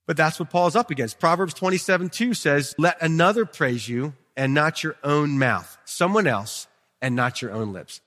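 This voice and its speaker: A male pastor preaching a sermon in a church, chatting with the congregation, swinging from quiet asides to emphatic peaks. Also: on the high side, animated, moderate pace. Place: church sanctuary. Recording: long reverb of a hall.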